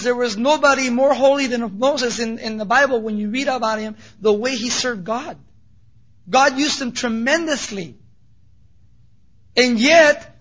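A man preaching a sermon in an animated storytelling way with casual asides. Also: very high voice. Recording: dull lo-fi recording.

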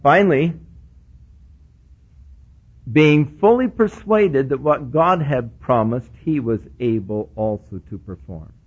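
A man preaching a sermon, telling a personal story and acting out the dialogue, dropping to quiet murmurs and rising to excited bursts. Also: mid-range voice, slow pace, pauses often, husky, highs cut off. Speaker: pastor.

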